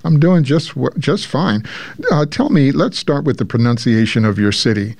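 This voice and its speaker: A man's voice: medium pitch, normal speed, a little mellow, dry recording. A man hosting a public radio show, asking his guest questions in a friendly, conversational way. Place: radio studio. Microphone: studio mic.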